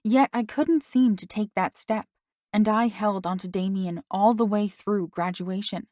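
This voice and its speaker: A woman narrating a first-person novel as an audiobook, in a steady storytelling manner. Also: mid-range voice, a little slow, dry recording, studio quality.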